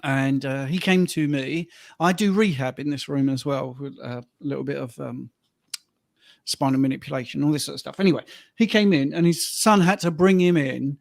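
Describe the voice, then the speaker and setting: A man's voice: medium pitch, moderate pace, gravelly, dry recording. A man, a fitness and rehab coach, chatting casually and telling heartfelt client stories. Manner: anecdotal, gets emotional telling stories. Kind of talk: casual panel chat.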